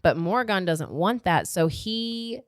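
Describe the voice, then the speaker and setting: A woman's voice: lowish voice, animated, unhurried, no echo, studio quality. A woman co-hosting a comedic podcast, wryly summarizing a romance novel with loose asides. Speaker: podcast co-host. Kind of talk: casual comedic book-club chat.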